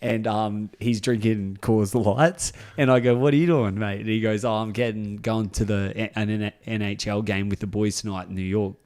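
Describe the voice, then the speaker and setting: A man's voice: on the low side, normal speed, hardly any pauses. A man co-hosting a casual podcast, telling a story with lots of swearing and laughter. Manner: animated, swearing, laughs through his story. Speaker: podcast co-host.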